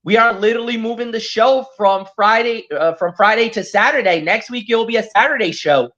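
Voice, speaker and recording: A man hosting a casual wrestling recap chat, easygoing and agreeable, with halting fillers. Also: sits high, bright, forceful tone, muffled recording. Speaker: podcast host.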